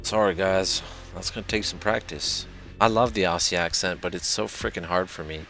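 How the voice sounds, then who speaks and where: A man's voice: low-pitched, fairly even intonation, normal speed, fairly bright tone, soft background music. A man streaming a game, chatting casually and self-deprecatingly while reading dialogue aloud.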